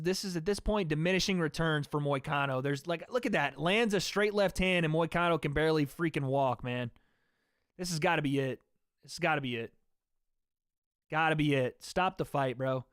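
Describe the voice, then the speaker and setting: A man's voice: on the high side, fairly bright tone, clean tone, no room sound, clean studio sound. Slangy young man calling a fight live. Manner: loose and slangy, swears, talks back to chat. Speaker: streamer hosting a fight watch party. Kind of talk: casual live fight commentary to a chat.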